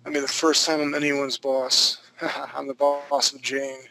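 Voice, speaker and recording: A man's voice: mid-range voice, little pitch movement, unhurried, gravelly, music in the background, poor audio. A man teaching a live online drawing class from home, talking loosely and jokingly as he thinks aloud while he draws. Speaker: drawing instructor. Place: home studio.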